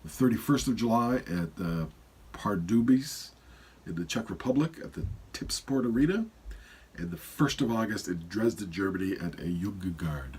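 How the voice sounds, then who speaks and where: A man's voice: low-pitched, expressive, a little fast, slightly rough. A man in his fifties with a stuffy nose, hosting a podcast in a rambling, casual solo intro full of fillers. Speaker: podcast host.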